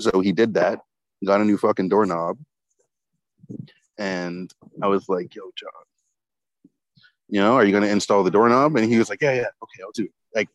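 A man with a lowish voice rambles through a story in casual chat, swearing heavily and peppering his talk with "like" and other fillers. The recording is dry and low quality.

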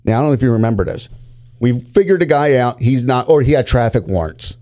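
A man's voice: mid-range voice, quick pace. A man, a former police officer, telling profane stories in casual chat. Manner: profane, animated storytelling.

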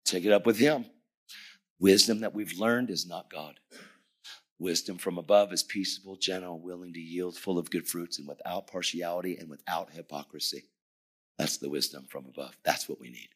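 A middle-aged man preaching a lively sermon, telling stories animatedly and shouting at the peaks. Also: sits low, moderate pace.

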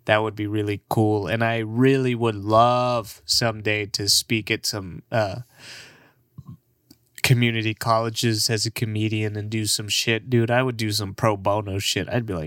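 Laid-back young comedian guy rambling and cussing, laughs a lot, slow talker, dead dry sound. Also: on the low side, steady tone, fairly bright tone, dry recording. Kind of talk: casual rambling monologue.

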